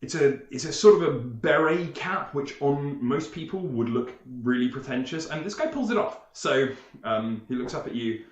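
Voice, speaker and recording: A man's voice: medium pitch, expressive, moderate pace, few pauses, reverberant. A man narrating as game master in a tabletop game, rambling and chuckling, with frequent restarts.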